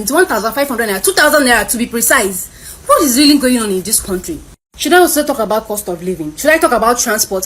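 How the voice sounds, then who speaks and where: A woman's voice: a little high, breathy edge. A young woman with a Nigerian accent, a student ranting to camera in exasperated rhetorical questions. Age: young adult. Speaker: university student. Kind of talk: selfie rant video.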